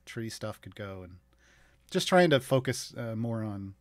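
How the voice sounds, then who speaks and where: A man's voice: on the low side, animated, a little slow, no room sound, studio quality. A man playing a tabletop game, thinking aloud about his move and hedging with "like". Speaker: player. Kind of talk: casual tabletop game play.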